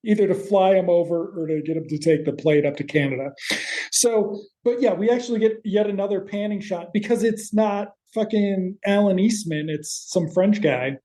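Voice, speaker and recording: A man co-hosting a podcast, casually recapping a TV episode in rambling, quick asides with the odd swear word. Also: high voice, mellow. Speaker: podcast co-host.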